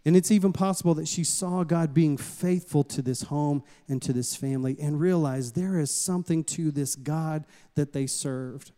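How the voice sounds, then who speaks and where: A man from the States, preaching a sermon as a pastor and calling out to the congregation in a lively storytelling way. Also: fairly high pitch, moderate pace, few pauses. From Southern United States. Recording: long hall reverb.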